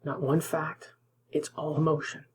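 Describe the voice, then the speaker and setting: A man's voice: fairly high pitch, flat delivery, a little slow, a little hiss or hum, rough recording. A man hosting political commentary, reacting indignantly to news clips, sometimes dropping to a whisper for emphasis.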